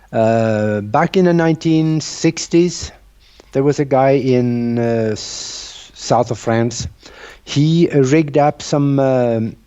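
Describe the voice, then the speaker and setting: A man with a mellow, dark voice talks earnestly, walking the listener through his ideas like someone sharing a secret. The sound is dull and lo-fi. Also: mid-range voice. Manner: earnest, explanatory, storytelling. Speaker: guest researcher. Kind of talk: conversational interview.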